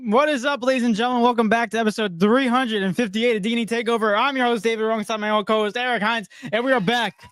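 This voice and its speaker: Upbeat high-voiced male podcast host. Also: steady tone, quick pace, hardly any pauses, fairly bright tone, smooth, no room sound. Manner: upbeat, laughs often, talks to the chat. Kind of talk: casual sports chat on a livestream.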